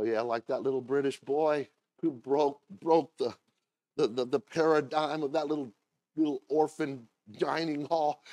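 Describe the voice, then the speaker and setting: A man preaching a sermon as pastor, moving between low confiding talk and loud impassioned shouting, often repeating and restarting phrases. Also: dry recording.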